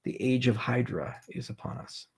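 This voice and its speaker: A man's voice: mid-range voice, lively intonation, normal speed, breathy edge. A man hosting a casual livestream Q&A, reading viewer questions and answering in a sarcastic, joking way with frequent swearing.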